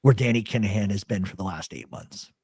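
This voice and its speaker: A man's voice: lowish voice, brisk, slightly rough, dry recording. Philly guy ranting a crazy story, swears nonstop, dry close sound. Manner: animated, swears a lot. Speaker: radio show host. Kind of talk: profane casual storytelling.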